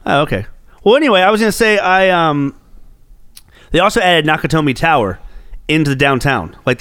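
A man's voice: mid-range voice, fairly bright tone, clear, resonant tone, no echo, studio quality. A man co-hosting a gaming podcast in casual chat, swearing often and rambling bluntly. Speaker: podcast co-host.

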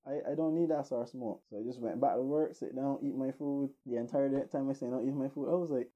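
A man telling a rambling, animated story casually, laughing now and then, in a dull lo-fi recording. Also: medium pitch, quick pace, few pauses.

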